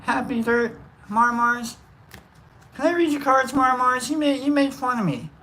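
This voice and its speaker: A woman's voice: sits high, lively intonation, measured pace, a bit bright, a little hiss or hum. A woman hosting a casual livestream chat, swearing freely, rambling, and breaking into sung lines. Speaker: livestream host.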